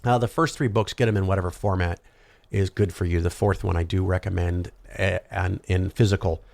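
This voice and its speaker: A man's voice: deep voice, steady tone, brisk, creaky, a little mellow, dry recording. A male podcast host talking through a casual solo monologue, rambling and conversational with frequent ums and asides.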